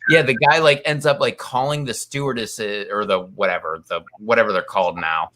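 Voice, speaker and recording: Bright-voiced man rambling through a story. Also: fairly low pitch, fairly quick. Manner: rambling, filler-heavy storytelling with quoted voices. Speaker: co-host. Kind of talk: casual chat, retelling a story.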